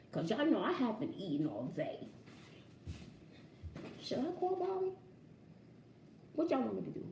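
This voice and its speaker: A woman vlogging casually from home, excited and giggly, talking to her viewers as y'all. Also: mid-range voice, far from the mic, a little hiss or hum. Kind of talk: casual vlog chat. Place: home room. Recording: echoey room, off-mic.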